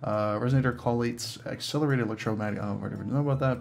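A man's voice: lowish voice, rapid-fire, creaky, hardly any pauses, faint music behind. A young man with a Boston accent, joking sarcastically through gaming commentary. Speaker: gamer.

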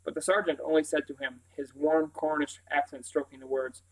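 A man reading a children's novel aloud in a steady, plain narrating voice. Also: a little high, a little fast, hardly any pauses, poor audio. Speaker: reader.

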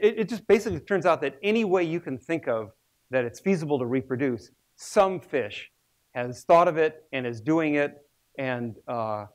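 A man in his sixties, a research biologist, giving a public lecture with humorous storytelling. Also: medium pitch.

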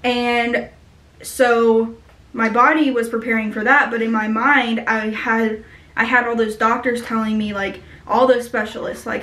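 A young woman, a mother, speaking earnestly in a personal vlog, with many pauses and fillers. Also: on the high side, level tone, pushed and bright. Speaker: mother sharing her baby's story. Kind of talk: personal vlog talking to camera. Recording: echoey room.

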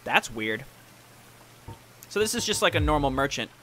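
A man hosting a let's play, chatting wryly as he plays with sudden excited yelps. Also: on the high side, normal speed, a little hiss or hum. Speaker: gaming video host.

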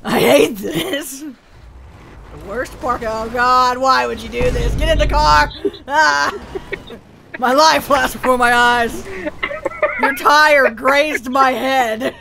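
A woman chatting casually while playing a video game with a friend, excitable and quick to laugh. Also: sits high, vocal fry, noisy background. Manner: excitable, laughs and yelps a lot. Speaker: gaming video creator. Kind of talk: casual gameplay chat.

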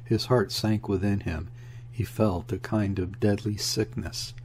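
A man reading a classic novel aloud in a measured, even storytelling manner. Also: lowish voice, a little hiss or hum. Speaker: audiobook reader. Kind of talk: audiobook narration of a classic novel.

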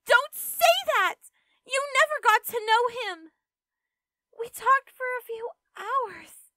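A woman's voice: very high voice, a little slow, bright, forceful tone, no room sound, studio quality, heavily acted. A woman voicing a young feline daughter in an audio drama, emotional and defiant. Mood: upset. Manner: emotional, pleading.

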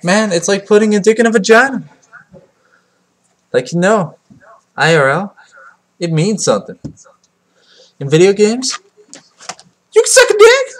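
A man doing crude, excitable unboxing commentary into a cheap computer mic, swinging from loud yelps to low mumbling and mocking himself. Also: a little slow, long pauses. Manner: crude, joking self-mockery. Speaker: card unboxing vlogger. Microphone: cheap computer mic that cuts out.

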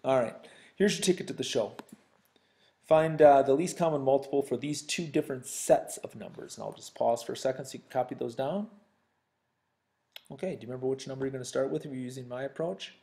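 A man's voice: medium pitch, a little fast, creaky, mellow. A man teaching a recorded sixth-grade math lesson, talking straight to his students in a chatty, joking way. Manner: chatty, addresses students directly, jokes.

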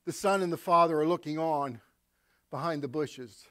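A man's voice: on the high side, moderate pace, bright, forceful tone, no echo, studio quality. A male pastor preaching a sermon, telling stories and acting out quotes with asides to the congregation.

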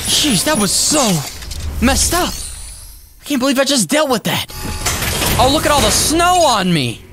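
A man giving let's play commentary as a gaming YouTuber, excitable, exclaiming and talking to himself as he plays. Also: extremely high pitch, measured pace, background noise. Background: loud game music.

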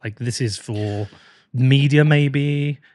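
A man's voice: mid-range voice, takes it slowly, a little mellow, no room sound. A man with a mid-range voice hosts a podcast interview, asking loose, rambling questions in a casual tone. The sound is dry and close. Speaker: podcast host. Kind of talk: conversational interview.

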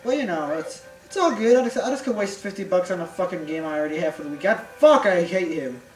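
Brief: young gamer cursing through banter, lively swings, roomy distant recording. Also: medium pitch, quick pace, soft background music. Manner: profane, animated, mock voices. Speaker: game player. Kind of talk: casual let's-play banter. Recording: echoey room, distant mic.

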